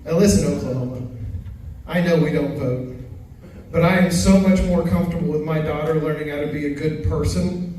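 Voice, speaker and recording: High-voiced male comic in an echoey club. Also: steady tone, brisk, warm tone, a little hiss or hum. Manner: conversational storytelling, acts out dialogue. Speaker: stand-up comedian. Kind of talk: stand-up set at an open mic. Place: comedy venue stage. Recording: echoey venue from far off.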